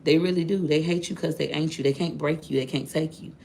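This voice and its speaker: A woman with a low, gravelly voice telling her viewers a personal story. She talks candidly and directly to them, in a loose, chatty way. A faint hiss sits under the recording. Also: steady tone, fairly quick, darkish tone. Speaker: vlogger.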